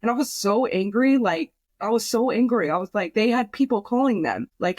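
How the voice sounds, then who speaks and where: A woman's voice: mid-range voice, animated, brisk, hardly any pauses, darkish tone, no room sound. A young woman on a podcast, telling an emotional personal story in a rambling way, full of fillers and swearing, quoting herself. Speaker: podcast guest.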